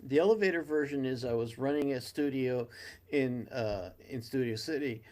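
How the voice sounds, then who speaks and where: A man's voice: medium pitch, moderate pace, a little mellow. A man co-hosting a live Q&A, telling a studio anecdote eagerly and laughing at himself. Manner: eager, self-amused storyteller. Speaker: co-host and studio producer. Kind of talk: casual live Q&A storytelling.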